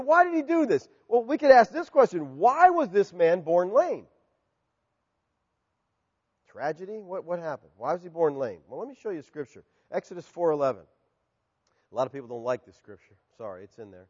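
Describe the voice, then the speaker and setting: Middle-aged male pastor, lively pitch, loud-to-hushed delivery, dull hall recording. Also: normal speed. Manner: animated preaching, swings from loud to hushed. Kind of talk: sermon.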